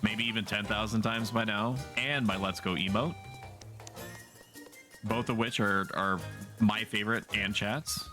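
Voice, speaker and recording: A man's voice: on the low side, fairly even intonation, a little slow, pauses often, music in the background. A man livestreaming a game, chatting casually with his viewers in a sardonic, joking way and swearing freely. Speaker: streamer.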